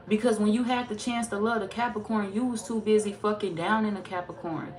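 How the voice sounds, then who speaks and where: A woman's voice: mid-range voice, steady tone, brisk, few pauses. Woman tarot reader, blunt and profane, sassy, emphatic casual talk. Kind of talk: casual tarot reading monologue.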